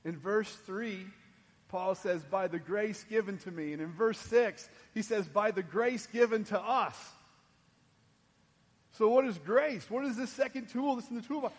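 A man preaching a sermon, dropping soft and low and then rising loud and emphatic. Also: measured pace. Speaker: pastor. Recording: long hall reverb.

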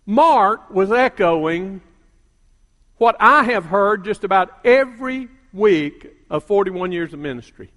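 An older man preaching a sermon as a pastor, calling out to the congregation and building to emphatic shouts. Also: sits high, animated, slow pace. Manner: call-and-response preaching, rising to emphatic shouts. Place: church sanctuary. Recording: long reverb of a church hall.

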